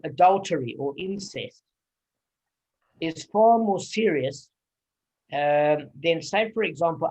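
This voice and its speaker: A man's voice: on the high side, rough recording. A man leading a casual Talmud study group, explaining at length with anecdotes and many fillers.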